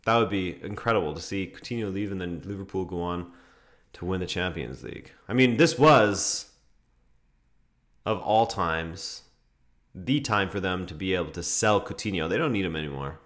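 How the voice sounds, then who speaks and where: Young guy streamer chatting over a football match, kinda low voice, laughs and oohs a lot. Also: animated, normal speed, a bit bright. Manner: chatty, laughs often, reacts with ooh and hoo to the match. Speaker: streamer hosting a football watchalong. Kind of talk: casual live-stream commentary and chat reading.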